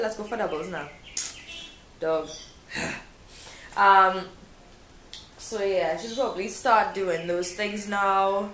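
A woman's voice: medium pitch, fairly bright tone. Chatty young woman vlogging. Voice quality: self-described pompous-sounding accent. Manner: chatty, rambling, many ums and trailing restarts. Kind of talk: casual chat to camera. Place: living room at home. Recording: roomy room with faint background noise.

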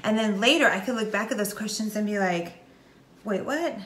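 A middle-aged woman with a Texan accent talking straight to camera in a casual, animated, preachy way. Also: mid-range voice, quick pace. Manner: animated, preachy, folksy with southern slang. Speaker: vlogger. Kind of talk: casual direct-to-camera talk. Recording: echoey room.

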